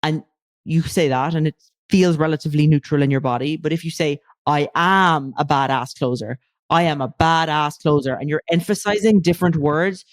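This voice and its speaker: A woman's voice: deep voice, darkish tone, no echo, clean studio sound. A woman speaking as a guest coach in a casual podcast interview, emphatic and loose, with casual swearing.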